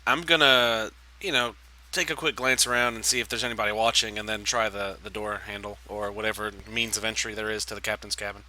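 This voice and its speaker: A man's voice: on the low side, fairly even intonation, a little fast, sharp tone, slight background noise. A man playing a tabletop game who talks in a casual, easygoing way. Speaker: player. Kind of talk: casual chat at a gaming table.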